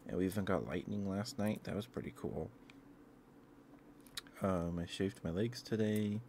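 A man streaming ASMR, chatting casually and softly with his viewers in a laid-back, meandering way at his home setup. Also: deep voice, steady tone, measured pace, a little hiss or hum.

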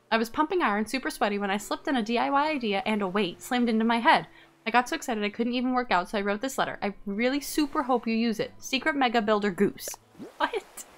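A young adult woman streaming a life-sim game, chatting casually and reading game text aloud. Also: fairly high pitch. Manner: chatty, reads game text aloud, quick swings from excited to irritated. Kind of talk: casual let's-play commentary.

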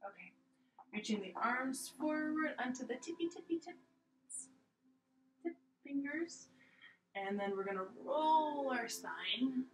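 Gentle playful preschool yoga teacher, woman. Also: high-pitched, lively intonation, unhurried. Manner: gentle, playful, coaxing children along. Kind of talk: guided kids' yoga class. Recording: echoey room with faint music.

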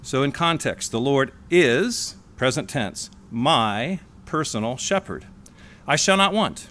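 A man giving a sermon in a church, stressing single words and slowing on key phrases. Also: mid-range voice, lively intonation, a bit bright. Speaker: sermonette speaker. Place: church hall.

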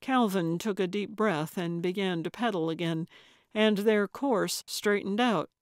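A woman narrating a cozy mystery audiobook in a measured, even storytelling voice. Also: mid-range voice, dry recording. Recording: dry close studio recording.

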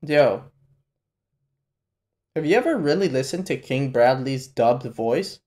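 A man reacting live to an anime episode, talking in an unhurried, drawn-out way. His casual, slangy commentary is full of swearing and breaks into sudden loud outbursts. His voice sits at a middling pitch. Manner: profane, excitable, bursts into loud exclamations; casual slangy talk to the viewer. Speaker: reaction channel host.

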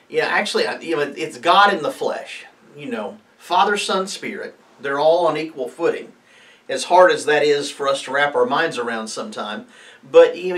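A man's voice: a little high, expressive, normal speed, fairly bright tone, recorded from a distance. A man preaching a casual mid-week devotional, reading scripture aloud and talking it through with many fillers and restarts.

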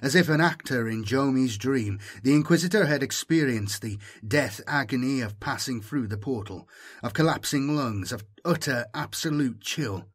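A man narrating an audiobook in a measured, dramatic manner. His voice is husky and sits at an ordinary pitch. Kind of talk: scripted narration.

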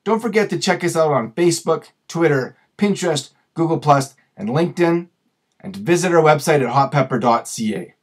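A man hosting a tutorial video, explaining patiently through examples and slowing down to stress key words. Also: on the high side, expressive, breathy edge. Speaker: grammar and communications video host.

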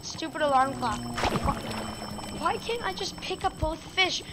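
A woman's voice: high voice, animated, measured pace. A woman commenting on her own gameplay for viewers, exasperated and frustrated by the game. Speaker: gaming video creator. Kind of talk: let's play commentary. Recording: loud game music behind.

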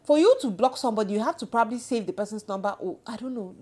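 A woman in her thirties telling a story to her viewers in a casual vlog, animated and indignant. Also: fairly high pitch, very fast. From Cameroon. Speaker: vlogger.

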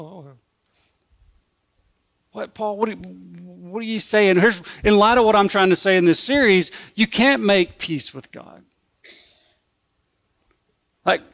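A pastor preaching a sermon in a loose, folksy, conversational way. He restarts and repeats phrases, and his voice sits high for a man. He takes his time. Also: a bit bright.

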